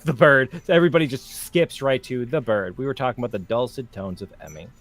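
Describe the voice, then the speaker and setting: A young man co-hosting a crafting livestream, chatting casually in a jokey, animated way with frequent restarts. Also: mid-range voice, brisk.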